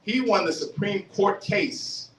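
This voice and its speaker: A man giving a fiery street-style religious lecture, animated, questioning the audience and acting out voices. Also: high voice, slow. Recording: roomy, distant mic, faint hiss.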